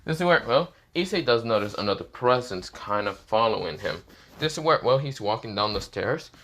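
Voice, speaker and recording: A man with a lowish voice narrating an improvised fan story. His telling is rambling and casual, with plenty of fillers and profanity. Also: expressive, normal speed, fairly bright tone, slight background noise.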